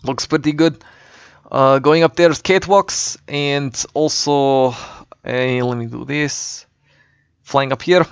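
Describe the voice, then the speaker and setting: Man with a put-on Russian accent, casual and rambling walkthrough, smooth voice, dull dry lo-fi mic. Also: mid-range voice, fairly even intonation, slow, no echo. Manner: rambling, hesitant, with ums and dropped words. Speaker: map maker. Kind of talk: casual game map walkthrough.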